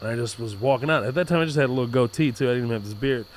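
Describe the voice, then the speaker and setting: A man on a casual podcast chat, telling animated stories and acting out other people's voices. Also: medium pitch, very fast, a little hiss or hum. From Arab background. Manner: animated storyteller, acts out voices. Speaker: comedian guest.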